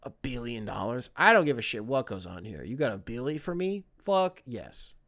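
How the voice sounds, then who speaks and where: A man hosting a podcast, rambling in casual solo commentary with lots of swearing and excitable outbursts. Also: mid-range voice, moderate pace. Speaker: podcast host.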